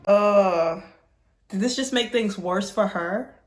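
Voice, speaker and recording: A young woman reacting casually to a show, her voice expressive and full of emotional exclamations. She speaks at a middle pitch with faint music behind her. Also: slow pace. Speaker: reaction video host.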